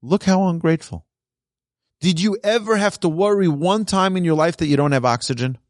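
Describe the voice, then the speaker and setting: A man's voice: high-pitched, brisk, no room sound, clean studio sound. A man teaching a religious class as a rabbi, telling stories and acting out the people in them. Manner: animated storyteller who acts out quoted voices. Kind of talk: storytelling Torah lesson.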